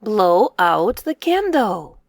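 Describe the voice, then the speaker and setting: Slow, lively woman reading teacher. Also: medium pitch, clean studio sound. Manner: says each word aloud, then echoes it in a whisper; slow, clear, encouraging delivery for young learners. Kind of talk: scripted children's reading lesson.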